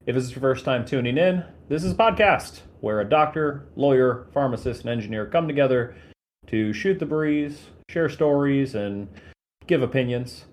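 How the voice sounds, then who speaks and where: A man's voice: medium pitch, lively intonation, normal speed, a little mellow. A man hosting a podcast with a casual, chatty manner, laughing often and joking at his own expense. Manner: laughs often, self-deprecating banter. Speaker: podcast host, physician.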